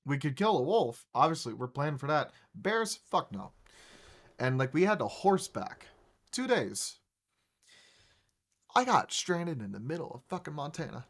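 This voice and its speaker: A podcast host tells a long anecdote in casual storytelling chat, rambling, swearing and restarting often. His voice is a little high and sing-song, at a moderate pace with frequent pauses.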